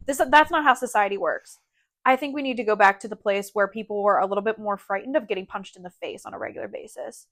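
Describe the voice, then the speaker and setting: A woman's voice: mid-range voice, expressive, fast, a bit bright. A woman co-hosting a podcast, speaking in a casual, emphatic and opinionated way. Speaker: podcast co-host. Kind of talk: casual chat.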